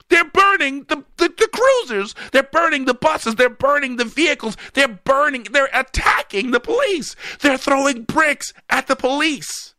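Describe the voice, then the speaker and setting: A man giving a sarcastic political commentary monologue, animated and at times shouting at the listener. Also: extremely high pitch, normal speed, no echo, clean studio sound.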